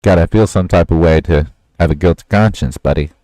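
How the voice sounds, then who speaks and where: A man hosting a livestream, casually reacting to clips with a slow, lecturing manner. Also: low voice, warm tone, dry recording. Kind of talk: casual reaction stream chat.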